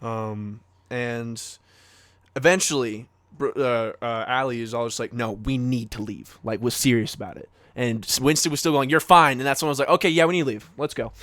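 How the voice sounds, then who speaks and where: A young man co-hosts a podcast, telling a casual, rambling story full of fillers and acted-out quotes. His voice is medium-pitched and a bit bright, and he speaks briskly.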